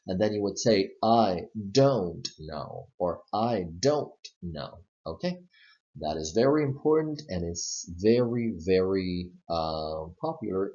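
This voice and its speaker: A man's voice: deep voice, animated, mellow, highs cut off. A man teaching English pronunciation, explaining stress step by step and modeling words for learners to repeat. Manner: slow, explaining step by step with spoken examples. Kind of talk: pronunciation lesson.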